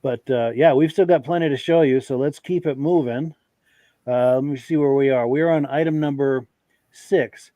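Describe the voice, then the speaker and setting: A man's voice: medium pitch, normal speed, dark tone, dry recording. A man hosting a live show in a casual chat, upbeat and agreeable as he reads out viewer comments. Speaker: host.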